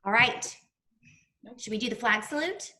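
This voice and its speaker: A woman teaching young children in an online class, talking slowly and patiently, spelling out sounds. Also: fairly high pitch, expressive, noisy background.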